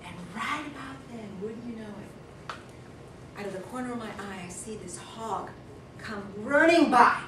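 A woman giving a humorous storytelling speech as guest speaker, lively and chuckling, acting out sounds. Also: a little high, moderate pace. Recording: echoey room from far off with noise.

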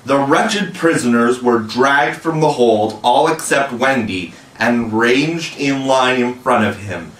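A man reads a storybook aloud in a measured, even voice at a middling pitch. The sound is roomy and he sits back from the mic. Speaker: audiobook reader. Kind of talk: storybook narration. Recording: echoey room, mic at a distance.

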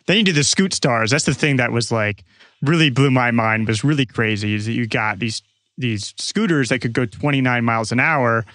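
A man's voice: medium pitch, moderate pace, a bit bright, no echo. A man hosting a podcast interview, recapping and prompting his guest's story. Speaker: podcast host. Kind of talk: interview chat.

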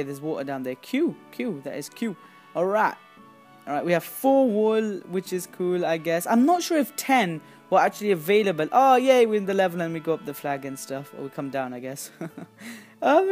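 Excitable woman giving lively game commentary. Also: on the low side. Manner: excitable, chatty, quick to squeal and exclaim. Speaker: gaming channel host.

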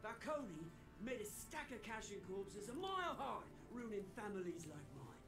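An actor playing a bitter, British-accented gangster in a story game, brooding and sometimes breathy. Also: male voice, sits high, big pitch swings, moderate pace, reverberant, distant mic, over music. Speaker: game character.

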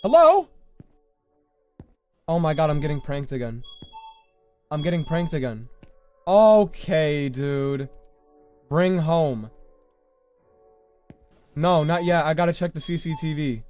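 Young guy streaming a scary game, jumpy, yelps and shouts, kinda high voice, bit of music under it. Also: a little slow, long pauses. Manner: jumpy, reactive, yells when startled. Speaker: gaming streamer. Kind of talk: live gameplay commentary. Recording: faint music behind voice.

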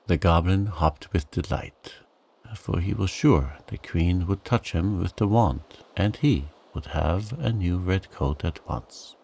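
A man reading a bedtime sleep story in a calm, soothing narration. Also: sits low, takes it slowly, creaky, husky.

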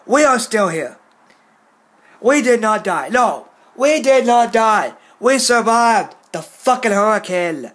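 Guy ranting into his phone cam, voice jumps all over, slow and emphatic. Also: high voice, sing-song, fairly bright tone. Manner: repetitive, scolding, slow and emphatic. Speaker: video uploader. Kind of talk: angry vlog rant to camera. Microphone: phone camera.

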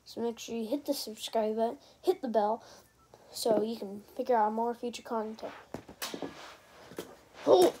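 A young woman chatting over her gameplay in a loose, rambling way, often stopping to remind viewers to like and subscribe. Her voice sits a little high. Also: steady tone, measured pace, pauses often, dark tone, a little hiss or hum. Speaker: gaming channel creator. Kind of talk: casual gameplay commentary.

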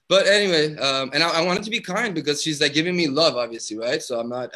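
A man's voice: on the high side, sharp tone, poor audio. A young adult man, a rapper from Iran, telling a story in a casual live interview, acting out the quotes and laughing often. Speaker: guest rapper.

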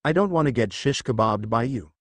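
A man voicing a wisecracking teen boy who jokes his way through danger and backs down with a sheepish apology. His pitch moves about a lot, and the sound is dry and close, like a storybook reading. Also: animated, brisk, no room sound, close to an everyday voice. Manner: joking, apologetic.

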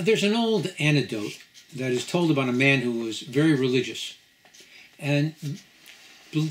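A man, a rabbi, giving a lecture at a home gathering, telling a parable and then teaching in a measured, storytelling way with pauses. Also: medium pitch, fairly bright tone, a little hiss or hum. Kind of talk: sermon-style lecture.

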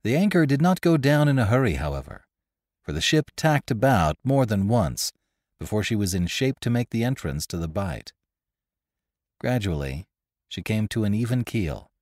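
A man with a fairly low voice reads a classic tale aloud, his pitch rising and falling with lively expression. The sound is dry and close, with no room around it. It is polished, scripted storytelling. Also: moderate pace, no echo. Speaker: narrator and host.

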